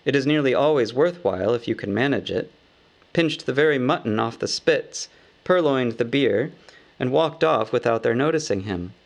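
Gravelly male storybook narrator. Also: mid-range voice, expressive. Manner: measured, wry storytelling. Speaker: audiobook narrator.

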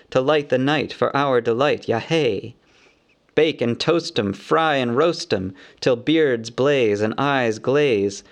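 A man voicing a gleeful, cruel horde of male goblins chanting a sing-song rhyme in an audiobook. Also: medium pitch. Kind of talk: audiobook character voice.

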